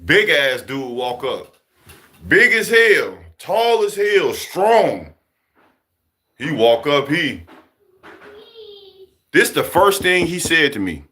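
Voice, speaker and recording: A man from Chicago casually telling a story to his viewers, profane and animated, laughing as he goes. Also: a little high, takes it slowly, long pauses. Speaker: vlogger talking to his viewers.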